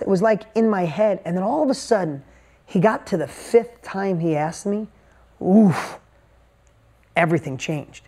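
A man's voice: sits high, a little mellow. A man in his forties, a motivational speaker telling a personal story to a live audience in an emphatic, intense way with punchy repeated phrases.

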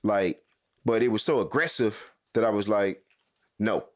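A man's voice: lowish voice, normal speed. A man in casual podcast chat. He tells stories with lots of swearing, repeats himself and restarts his sentences. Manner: animated storyteller, swears freely, repeats and restarts.

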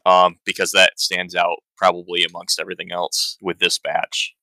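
A man co-hosting a podcast, talking in a casual, halting way. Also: deep voice, completely flat delivery, bright, forceful tone, dry recording, low-quality recording. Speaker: podcast co-host.

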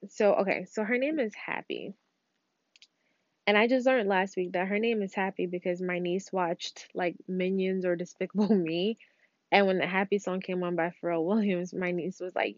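A young woman hosts a podcast from home, telling a rambling personal story in casual, slangy, candid talk. Her medium-pitched voice moves a little slowly, and the recording is dull, lo-fi and dry with no echo.

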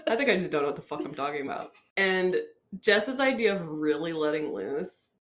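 A woman's voice: low-pitched, expressive, brisk, a little hiss or hum. A woman co-hosting a podcast, recapping a film in casual chat, sarcastic and swearing freely. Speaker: podcast co-host.

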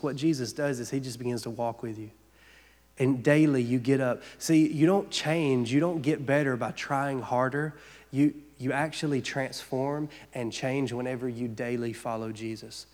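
A man's voice: mid-range voice, a little mellow, big-room sound. A man preaching a sermon as pastor, earnest and conversational, building points with repeated phrases.

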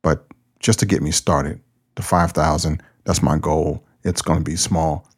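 A man's voice: extremely low pitch, steady tone, measured pace, breathy edge. A man who hosts a podcast and pastors a church, talking in a loose, plain-spoken, conversational way. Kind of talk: casual podcast talk.

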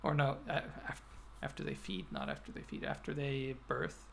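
A man's voice: medium pitch, very animated, normal speed, gravelly, a bit bright, a little hiss or hum. An Icelandic man co-hosting a podcast, chatting casually and hesitantly, with lots of restarts. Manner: hesitant, full of restarts and fillers, laughs easily. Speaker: podcast co-host. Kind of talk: casual chat.

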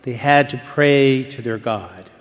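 An older man, a retired priest, preaching a sermon in a church, telling the story slowly and dropping to a hushed whisper at times. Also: mid-range voice. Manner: slow, deliberate storytelling with dramatic hushed whispers. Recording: long church reverb.

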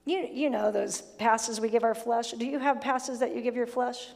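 A woman's voice: fairly high pitch, fairly even intonation, moderate pace, creaky, a little mellow, in a large hall. A woman pastor preaching a sermon, emphatic, blunt and humorous, sometimes acting out the voices she quotes. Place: church sanctuary.

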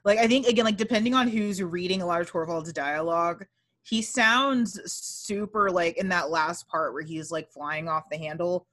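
With a lowish voice and moderate pace, this young podcast co-host chats casually about a book. Her delivery is lively and profane, and she slips into other voices to perform characters' lines.

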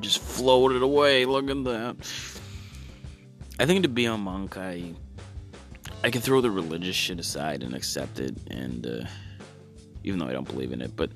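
Low-voiced man doing halting stand-up. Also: creaky. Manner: halting delivery with ums and stammered restarts; profane, acts out loud shouted voices in bits. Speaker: comedian. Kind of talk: stand-up comedy monologue.

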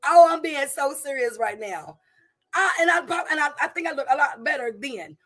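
A middle-aged woman with a somewhat high voice shares her personal testimony before a congregation. She speaks with deep emotion, stumbling and restarting, repeating words as she searches for them. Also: lively intonation, normal speed, fairly bright tone. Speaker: church member giving testimony.

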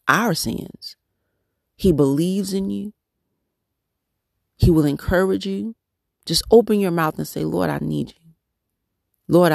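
A man with a slightly high, gravelly voice leads a devotional podcast prayer. He speaks in halting bursts and circles back to the same phrases as he encourages his listeners. The sound is dry and close, with no room echo. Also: darkish tone. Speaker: podcast host leading prayer.

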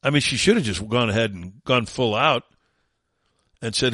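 A man's voice: medium pitch, expressive, moderate pace, a bit bright, no echo. A male talk radio host in full sarcastic mode, combative and scornful. His voice sits mid-range, recorded close and dry in the studio. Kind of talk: opinionated talk radio monologue.

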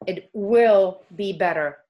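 A woman's voice: medium pitch, slow pace, mellow. A woman in a candid conversation, searching for words at first, then speaking earnestly and reassuringly. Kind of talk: candid conversation about grief.

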